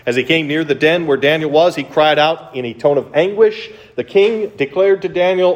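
A man preaching a conversational sermon, retelling a story with animated storytelling and frequent rhetorical questions. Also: on the high side, moderate pace, hardly any pauses. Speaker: pastor.

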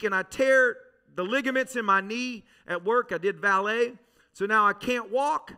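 A male pastor preaching a sermon to a congregation, telling a dramatic personal testimony that swings from loud urgency to hushed intensity. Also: high-pitched, clean tone. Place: church service with a congregation.

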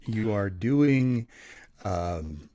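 Audiobook narrator guy just chatting, kinda low voice, lots of ums, dry close sound. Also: drawn-out words, no echo. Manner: relaxed and chatty, with many fillers. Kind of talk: casual interview talk.

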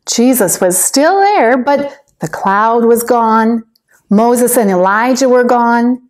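Slow, gentle woman teaching children. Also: fairly high pitch. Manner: slow, gentle and expressive, asking children to join in. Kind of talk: storytelling lesson for young children.

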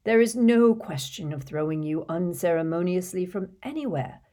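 An elderly male headmaster from a storybook, wise and tired, read by a woman. He speaks slowly and gently in a low, soft voice. Every phrase is measured and patient. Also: lively intonation, lightly acted. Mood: calm weary.

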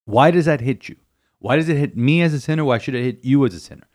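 This priest talks fast in a medium-pitched, expressive, slightly mellow voice. Reflecting on scripture in a homily-style podcast, he is emphatic and repetitive, frequently stumbling and beginning sentences over.

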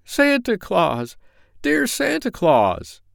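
A man voicing a forlorn, timid scarecrow with a high, pleading voice in a storybook reading. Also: very animated, normal speed, smooth, no room sound, studio quality. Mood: sobbing.

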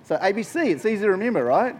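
A man's voice: high voice, racing. A man giving a casual, jokey Bible talk to a group as a youth preacher. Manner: jokey, conversational, animated storytelling.

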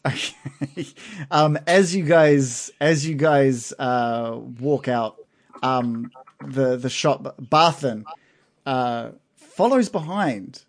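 A man running a tabletop game as game master, narrating in a halting way with many pauses, then speeding up. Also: medium pitch. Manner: halting, many fillers and restarts, then quick bursts.

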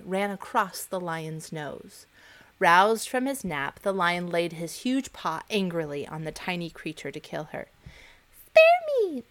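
A woman hosting a podcast, reading fables to children in a gentle, expressive storytelling voice. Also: medium pitch. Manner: expressive, gentle, varied intonation. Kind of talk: storytelling narration for kids.

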